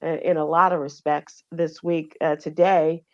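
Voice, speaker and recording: A woman's voice: low voice, flat delivery, lo-fi sound. A middle-aged woman hosting a radio show, going over the news in casual chat and talking with fillers and restarts. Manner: conversational, halting with fillers.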